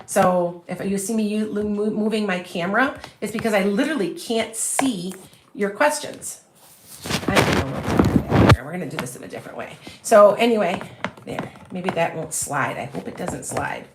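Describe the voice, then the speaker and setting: A woman's voice: medium pitch, expressive, moderate pace, heavy background noise. A woman with a Chicago accent, a psychic medium talking casually on a livestream, chatty and self-assured, rambling from one thought to the next into a phone on a stand. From US Midwest. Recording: roomy echo.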